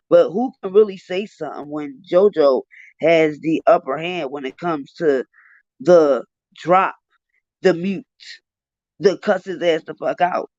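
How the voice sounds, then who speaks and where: A man's voice: on the high side, lively intonation, a little slow, a little mellow, no echo. A man giving heated, profane live commentary, ranting in an exasperated way on a livestream. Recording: dull lo-fi dry livestream audio.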